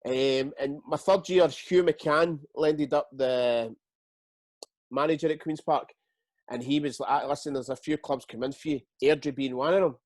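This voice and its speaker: A man's voice: fairly high pitch, moderate pace, darkish tone, no room sound. A middle-aged Scottish man, a retired footballer, telling his career stories in a casual interview, swearing freely and acting out what others said. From Scotland.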